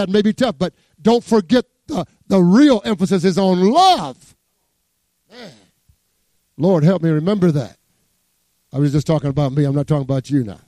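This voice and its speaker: Male pastor, high voice, joking sermon with soft asides and building emphasis, dry close mic. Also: dry recording. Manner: preaching with humor, quoting scripture, swinging between soft asides and rising emphasis.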